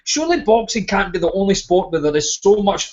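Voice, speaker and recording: A man's voice: high-pitched, sing-song, fairly quick. A man with a Scottish accent hosting a boxing podcast, ranting and swearing in casual chat. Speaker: podcast host. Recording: lo-fi podcast audio.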